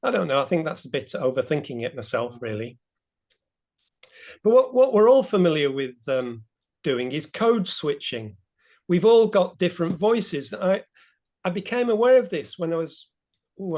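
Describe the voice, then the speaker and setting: A man with a high voice leads a group talk over a video call. He is chatty and rambles a little, with easy laughs. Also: darkish tone. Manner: chatty, meandering, light laughs.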